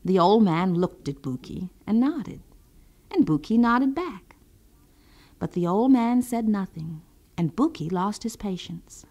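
Animated woman reading a folk tale. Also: medium pitch, a little slow. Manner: expressive, animated storytelling. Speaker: storyteller.

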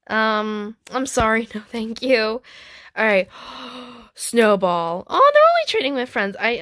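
A woman hosting a gaming channel, chatting excitedly as she trades in a game, with frequent gasps and squeals. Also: fairly high pitch, dry recording, clean studio sound. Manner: chatty, talks to viewers and other players. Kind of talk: playing a trading game while commenting casually.

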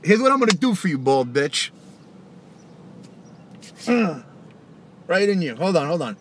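A man's voice: a little high, very animated, unhurried, a little hiss or hum. A man who raps, hosting a casual live stream and ranting back at viewers' comments, profane and taunting, laughing often. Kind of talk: casual live-stream rant answering chat.

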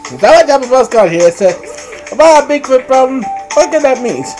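A woman streamer chatting casually as she plays, giggling often and breaking into loud exclamations. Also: sits high, expressive, brisk, rough recording. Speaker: gameplay streamer. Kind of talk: casual game commentary. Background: game music.

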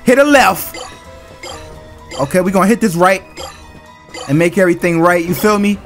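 A man's voice: sits high, fairly even intonation, fast talker. A man doing let's-play commentary on a horror game, chatting in slang and screaming at jump scares. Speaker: gaming channel host. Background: game music.

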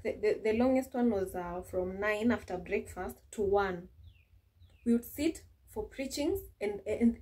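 A woman's voice: medium pitch, mellow. A young Kenyan woman chatting casually to camera in a vlog, with frequent restarts and light laughs. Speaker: vlogger.

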